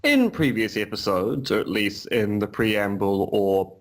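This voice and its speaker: This man, co-hosting a podcast by video call from his Romanian home, keeps the chat casual and full of dry jokes at his own expense. His pitch is fairly low, his intonation lively, and his pace unhurried.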